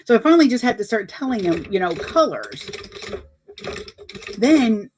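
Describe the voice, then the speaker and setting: A woman's voice: a little high, very animated, moderate pace, a little hiss or hum. A woman vlogger chatting casually and telling anecdotes while talking through her sewing steps.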